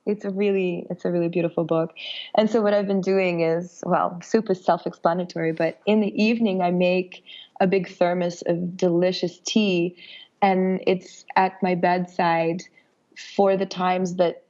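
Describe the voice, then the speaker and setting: A young woman with a raspy, hoarse voice from a cold, speaking gently and reflectively as a podcast guest, with many fillers and restarts. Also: lowish voice, level tone, moderate pace, lo-fi sound. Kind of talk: casual conversation.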